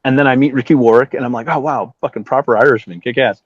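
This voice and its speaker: This husky, medium-pitched voice moves at a quick pace, recorded dry. The speaker is a middle-aged musician from Southern California telling a story in a casual interview, swearing freely and performing other people's voices. The sound is slightly dull.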